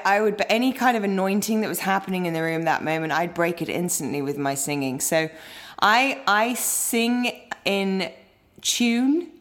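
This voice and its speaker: A woman with an English accent, chatting as a podcast guest, laughing often and wandering into asides. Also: fairly low pitch. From Britain. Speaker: interview guest. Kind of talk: casual podcast interview.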